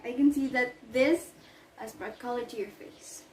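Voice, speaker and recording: A woman's voice: on the high side, steady tone, normal speed, a little hiss or hum, lightly acted. A woman playing a flustered nurse in an amateur school play, stammering and correcting herself. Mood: fussy. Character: fussy, flustered nanny, middle-aged woman. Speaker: Juliet's nurse in a class play. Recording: echoey room, far from the mic.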